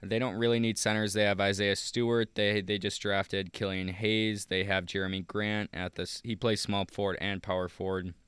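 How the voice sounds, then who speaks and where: Smooth-voiced man, dry close sound. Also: on the low side, flat delivery, moderate pace, hardly any pauses, a bit bright, dry recording. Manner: rambling, frequent fillers and restarts. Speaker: YouTuber. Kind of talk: casual commentary over a screen recording.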